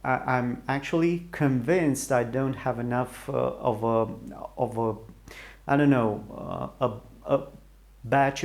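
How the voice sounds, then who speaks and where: A man's voice: mid-range voice, a little mellow. Middle-aged romanian guy rambling to camera in english, hesitant, lots of restarts, takes his time. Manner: hesitant, searching for words, many restarts. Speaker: YouTuber. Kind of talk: rambling solo talk to camera.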